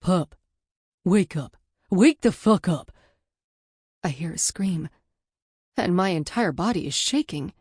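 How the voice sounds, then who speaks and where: A woman narrates a first-person audiobook in a low, mellow voice. Her telling is candid and intimate, recorded dry and close in a studio. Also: no room sound.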